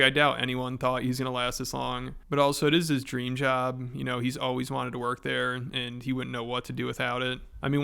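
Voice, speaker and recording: A man's voice: mid-range voice, creaky, pushed and bright, clean tone. A man casually recapping a story for a commentary video, in a chatty, informal way.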